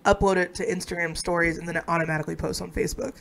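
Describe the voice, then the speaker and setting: A woman's voice: fairly low pitch, level tone, rapid-fire, vocal fry, fairly bright tone, slight background noise. Brief: young woman, stream co-host, casual, giggly banter. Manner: giggly, playful, laughing often. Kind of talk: casual chat.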